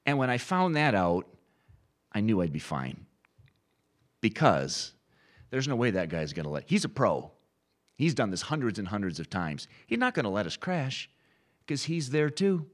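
A middle-aged man preaching a sermon, animated and storytelling, acting out quoted inner voices. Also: on the low side, normal speed, long pauses. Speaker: pastor.

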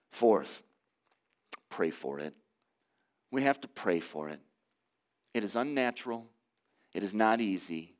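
A male pastor in his forties delivers a sermon in a low voice that swings widely in pitch. He moves between earnest, conversational storytelling and prayer. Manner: earnest, conversational preaching with personal stories.

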